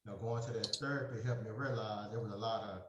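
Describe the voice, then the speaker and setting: A man's voice: lowish voice, steady tone, fast talker, muffled recording, heavy background noise. Rambling man telling his story, echoey room. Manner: rambling, filler-heavy, acts out the dialogue he retells. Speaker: group member sharing his story. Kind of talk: personal storytelling in a support group.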